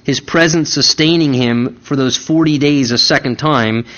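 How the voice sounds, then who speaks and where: A man's voice: medium pitch, moderate pace, a bit bright, lo-fi sound. A man preaching a sermon in a conversational, emphatic way, repeating key words for stress. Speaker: pastor.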